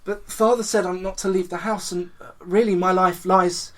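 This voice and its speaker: A man's voice: high voice, steady tone, normal speed, fairly bright tone. A man voicing a timid, dutiful young girl who speaks hesitantly. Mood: nervous. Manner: hesitant, nervous.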